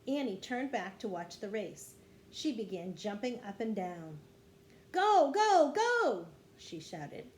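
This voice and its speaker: A woman, a kindergarten teacher, reading a children's chapter book aloud with expressive storytelling. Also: unhurried, a little hiss or hum. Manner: expressive storytelling, dropping low after quotes.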